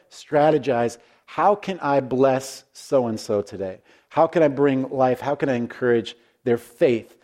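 A man's voice: medium pitch, a little mellow. A man preaching a conversational sermon as a pastor, telling stories in an earnest, folksy way with frequent restarts.

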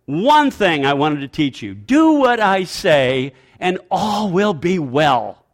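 Emphatic preacher man with lively pitch. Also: takes it slowly. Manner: emphatic, repeats key phrases, leads the congregation in call-and-response. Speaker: pastor. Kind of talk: sermon.

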